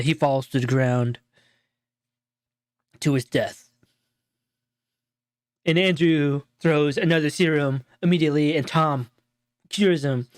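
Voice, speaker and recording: A man co-hosting a show, casually breaking down a movie in a rambling, animated retelling full of fillers. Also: on the high side, smooth, no room sound, studio quality. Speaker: show co-host.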